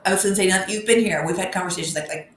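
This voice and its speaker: A woman's voice: fairly low pitch, rapid-fire, slight background noise. A woman hosting a podcast and eagerly asking her guest questions. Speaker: podcast host. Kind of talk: interview questions. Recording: roomy echo.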